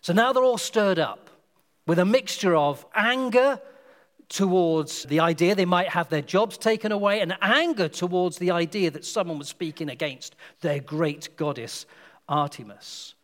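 A man preaching a sermon, telling stories and acting out the quotes with lively energy. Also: high voice, normal speed, in a large hall. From Britain. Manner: animated storytelling, acts out quotes.

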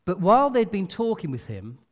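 A male preacher delivering a sermon with an animated, expressive delivery. His voice sits high and swings widely in pitch. A long reverb from a large hall trails after his words. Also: fairly quick.

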